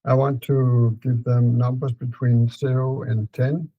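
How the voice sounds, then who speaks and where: Calm man guiding a therapy session. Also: medium pitch, a little slow, husky, no echo, lo-fi sound. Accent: Danish. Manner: calm, repetitive prompting with fillers.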